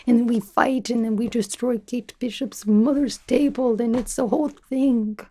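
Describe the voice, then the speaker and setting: A young woman voicing a brash, teasing female spy who interviews a recruit, in whispered role-play with a soft, half-whispered, rambling way of talking. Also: fairly high pitch, steady tone, normal speed. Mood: playful teasing. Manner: teasing, chatty, self-absorbed, drops articles. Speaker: ASMR creator.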